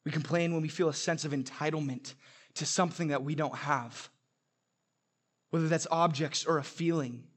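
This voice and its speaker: A man's voice: fairly high pitch, steady tone, moderate pace, husky. A young adult man preaching a sermon, telling stories with humor and emphatic repetition. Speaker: pastor.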